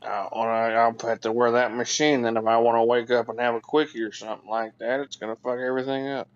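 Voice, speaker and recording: A man's voice: medium pitch, little pitch movement, quick pace. Crude joking man on a dull line. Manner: crude, joking, loud bursts. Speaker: call participant. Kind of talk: casual chat on a voice call.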